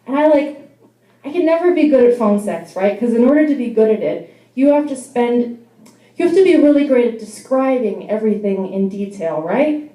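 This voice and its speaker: A woman's voice: a little high, expressive, normal speed, warm tone, echoey room, rough recording. Wry, self-deprecating young woman comic. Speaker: stand-up comedian. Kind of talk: stand-up comedy set. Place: bar venue.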